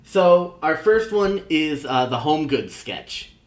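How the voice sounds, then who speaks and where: A man's voice: on the high side, lively intonation, takes it slowly, echoey room. A man co-hosting a podcast, chatting casually and laughing often between hesitant restarts. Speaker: podcast co-host reviewing sketch comedy. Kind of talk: casual chat.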